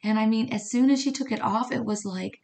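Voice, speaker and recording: A woman's voice: fairly high pitch, brisk, gravelly, darkish tone. A woman who works as a medium and card reader, talking in a chatty podcast monologue and often checking in with her listeners. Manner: chatty, conversational, frequent "you know what I mean" and "right?".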